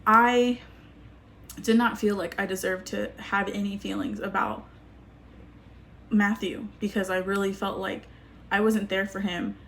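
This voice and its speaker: A young woman reading a personal letter aloud to camera, halting and grieving, with frequent restarts. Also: mid-range voice, fairly even intonation, fairly bright tone, a little hiss or hum. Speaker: vlogger.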